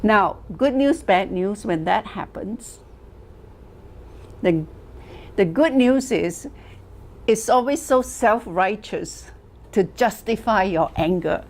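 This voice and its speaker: A woman teaching a class, telling stories slowly and deliberately, asking rhetorical questions and repeating phrases for emphasis. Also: medium pitch, lively intonation, darkish tone. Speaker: wellness teacher. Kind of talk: lecture to a class.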